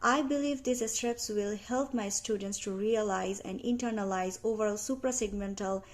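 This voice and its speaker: A young adult woman reading out a class presentation on teaching pronunciation, careful and measured, with small grammar slips. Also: medium pitch. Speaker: student presenter. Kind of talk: read academic class presentation.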